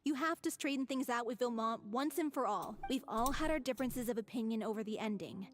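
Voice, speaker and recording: A confident young woman adventurer, voiced by a woman, cool and teasing, with a high voice. Soft game music runs behind her lines. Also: a little fast, close to an everyday voice. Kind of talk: video game dialogue.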